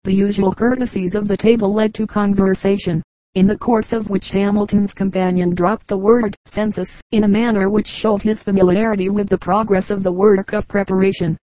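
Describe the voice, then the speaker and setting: A woman narrating an audiobook in a steady, even reading manner. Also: medium pitch, brisk, no room sound, low-quality recording. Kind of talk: scripted narration.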